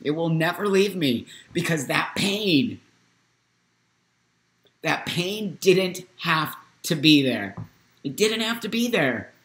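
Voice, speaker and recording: A man in his fifties hosting a live stream, talking in an emotional, emphatic way, at times near tears, swinging from loud to hushed. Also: a little high, big pitch swings, slow, long pauses, roomy sound. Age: 50s. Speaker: host.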